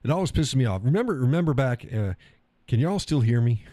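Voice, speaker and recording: A man's voice: mid-range voice, expressive, a little fast, dark tone, no echo. A man from the United States, host of a live stream, ranting bluntly and profanely in a casual opinion monologue.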